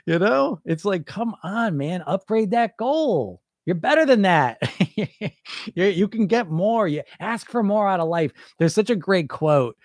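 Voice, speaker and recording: Blunt, high-voiced male weight loss coach. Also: very animated, slow, no room sound, studio quality. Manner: blunt and emphatic, with frequent laughs and mock-quoted voices. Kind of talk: casual podcast monologue.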